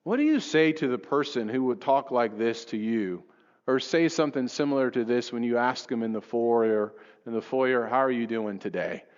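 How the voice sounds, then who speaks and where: A man preaching a sermon to his congregation, reading scripture with rising passion and then dropping low to reflect on it. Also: expressive, normal speed. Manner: impassioned, rises high reading scripture aloud. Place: church sanctuary. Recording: dull lo-fi recording in a reverberant hall. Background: long church reverb.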